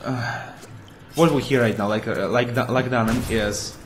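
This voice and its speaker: A man's voice: medium pitch, steady tone, a little slow, noisy background. Chatty, playful man commenting on a game. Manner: chatty and playful, makes goofy sound effects. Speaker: gameplay commentator. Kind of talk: casual let's-play commentary.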